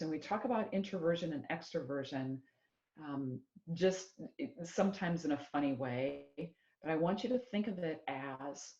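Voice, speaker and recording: A middle-aged woman from Iowa, an executive coach giving an animated presentation and acting out quoted voices. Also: on the low side. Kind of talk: motivational presentation. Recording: echoey room, dull lo-fi sound.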